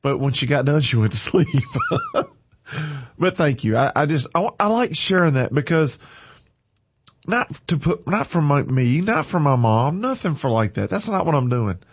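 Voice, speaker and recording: A man speaks through tears, his voice swinging widely between highs and lows as he presses on with fervent, folksy warmth. His pitch sits a little high for a man. The sound is dry and slightly dull. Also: big pitch swings, moderate pace, husky. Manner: fervent, tearful, folksy and heartfelt. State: teary-eyed, crying. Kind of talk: emotional on-air talk.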